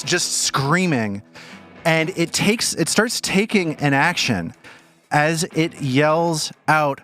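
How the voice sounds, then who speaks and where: A man narrates a tabletop game as game master, with a bright, ringing tone. His delivery is animated and dramatic, and his pitch rises and falls widely as he describes the fight. His voice sits a little high for a man. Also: unhurried, soft background music.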